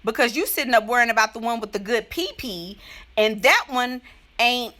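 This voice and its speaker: A woman's voice: a little high, lively intonation, moderate pace, pushed and bright. A young woman giving playful, sassy relationship advice in a casual vlog chat, laughing often, with features. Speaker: advice vlogger answering letters.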